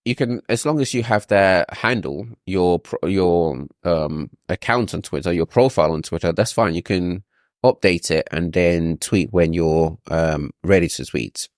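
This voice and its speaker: A man's voice: sits low, a little slow, no room sound, studio quality. A man advising a client on a video call, explaining patiently with frequent ums and restarts. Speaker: SEO consultant.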